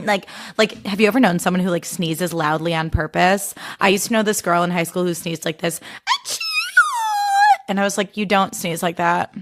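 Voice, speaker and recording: A young adult woman hosting a solo podcast in casual chat, gushing and ranting with lots of swearing. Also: lowish voice. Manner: animated, profane, gushing and ranting. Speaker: podcast host.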